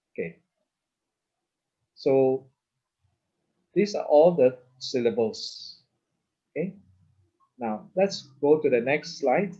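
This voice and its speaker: A man's voice: fairly high pitch, expressive, slow, long pauses, warm tone, husky, highs cut off. Patient man teaching over a video call. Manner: patient, repeats words, frequent "okay?" checks. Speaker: Hebrew teacher. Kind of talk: online lesson with slides.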